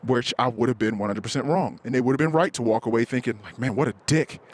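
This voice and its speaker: Talking fast in a mid-range voice, a podcast host rambles through a candid solo confession. He is self-critical, swears a lot, and acts out quotes in a heated way.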